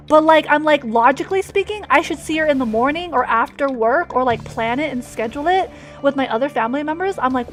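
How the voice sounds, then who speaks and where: A woman streamer telling a personal story with emotional swings, many fillers and restarts, and sudden loud moments. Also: sits high, animated, fast talker, few pauses, soft background music.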